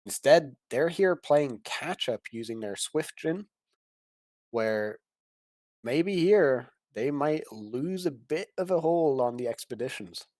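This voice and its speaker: A man's voice: medium pitch, expressive, slow pace, darkish tone, dry recording. A man commentating an online card game tournament, explaining plays in detail and laughing often.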